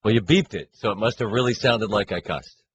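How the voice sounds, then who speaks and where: A man co-hosting a sports radio show, bantering in an animated, self-mocking way. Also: lowish voice, fairly quick, poor audio. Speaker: co-host. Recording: faint room hiss.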